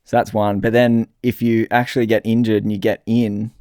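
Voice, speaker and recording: A man, a filmmaker guest, chatting in a relaxed, rambling way with many fillers. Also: fairly low pitch, brisk, clean tone, no room sound, clean studio sound. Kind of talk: casual interview chat.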